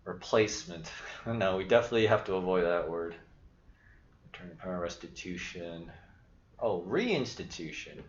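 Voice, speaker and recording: Low, lively man on an echoey stream. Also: normal speed, slight background noise. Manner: rambling, self-interrupting, swears casually. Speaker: livestream host. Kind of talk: casual thinking-aloud stream chat. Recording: echoey, dull lo-fi stream audio.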